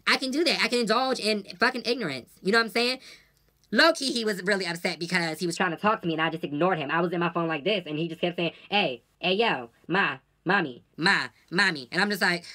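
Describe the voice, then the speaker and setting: Fast-talking blunt woman vlogger. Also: medium pitch. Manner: blunt, profane, animated storytelling. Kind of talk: casual venting to camera.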